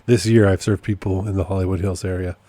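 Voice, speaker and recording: A man's voice: sits low, level tone, fast talker, dark tone, no echo. A man hosting a casual solo podcast update, rambling and amused at himself, often repeating his points. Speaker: podcast host and process server.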